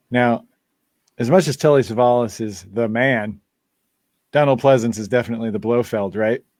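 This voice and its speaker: A man's voice: medium pitch, measured pace, long pauses, darkish tone, dry recording. Chatty man hosting a live Q&A. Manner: chatty, laughs often, rambling asides. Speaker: band member hosting a live Q&A. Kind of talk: casual live-stream chat.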